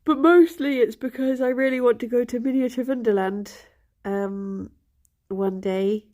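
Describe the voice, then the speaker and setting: A woman's voice: on the high side, steady tone, measured pace, dark tone. A young woman chatting casually with her stream viewers, rambling and giggly, sounding a little bunged up. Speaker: livestream host.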